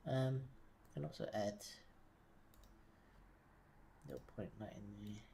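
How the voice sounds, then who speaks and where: Male streamer, quiet and mumbly, hesitant, thinks aloud, sits back from the desk mic. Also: lowish voice, slow pace, vocal fry, a little hiss or hum. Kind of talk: casual live-stream commentary while working. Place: home desk. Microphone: desk mic, sometimes leaning back from it.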